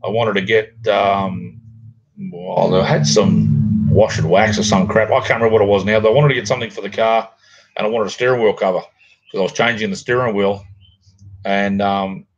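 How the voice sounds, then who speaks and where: Here the Australian livestream host, middle-aged and broadcasting from home by a garage, speaks low, fairly quickly and with fairly even intonation. His voice is slightly rough, the sound lo-fi, and he rambles in a relaxed, chatty manner with viewers.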